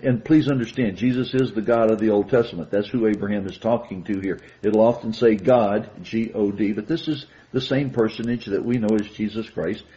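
A man's voice: mid-range voice, warm tone, poor audio. A man preaching a sermon, reading verses aloud and explaining them with emphatic rises, often repeating words as he goes. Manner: repeats words and restarts phrases.

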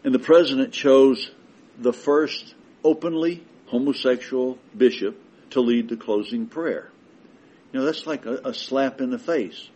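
Husky-voiced man preaching emphatically. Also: mid-range voice, measured pace, rough recording. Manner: emphatic, building to forceful declarations. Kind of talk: sermon.

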